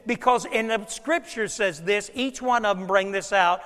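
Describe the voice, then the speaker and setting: A man preaching a sermon as pastor, moving from hushed storytelling to shouted passages. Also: high-pitched, normal speed, hardly any pauses, in a large hall.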